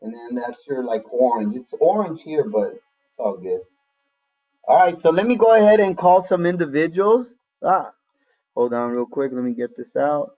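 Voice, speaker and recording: A man's voice: medium pitch, animated, moderate pace, muffled recording. A man teaching a math lesson to a class online in a casual, friendly way, calling on students by name.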